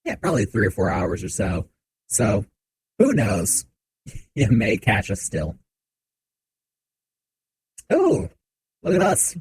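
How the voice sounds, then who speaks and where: A man streaming a game from a home setup, chatting with viewers in a relaxed, joking way into a desk mic. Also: on the low side, takes it slowly, vocal fry, long pauses, husky, no echo, low-quality recording. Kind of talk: casual game commentary. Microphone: desk mic on shock mount.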